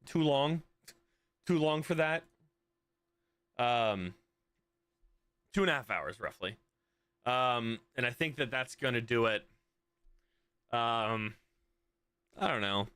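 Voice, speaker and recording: A man's voice: medium pitch, expressive, slow pace, pauses often, bright, forceful tone, smooth, dry recording. Profane, ranting male streamer, dry sound. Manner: exasperated, profane ranting to viewers. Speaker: streamer reacting to a soccer match. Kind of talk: live stream reaction rant.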